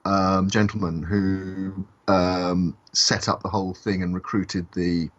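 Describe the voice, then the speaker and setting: A man co-hosting a podcast discussion, talking in a halting way with many fillers and restarts. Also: sits low, flat delivery, a bit bright. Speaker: podcast co-host. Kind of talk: casual discussion. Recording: dull lo-fi podcast audio.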